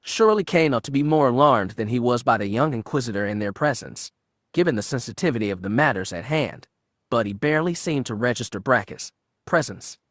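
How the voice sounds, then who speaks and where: A man narrating a space-adventure story in an even, measured storytelling manner. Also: mid-range voice, no echo, studio quality. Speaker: audiobook narrator. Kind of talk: audiobook narration of fan fiction.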